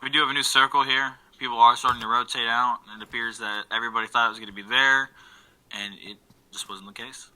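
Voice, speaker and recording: A man giving relaxed play-by-play commentary on an online game match, full of fillers and quick self-corrections. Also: medium pitch, poor audio. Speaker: esports caster.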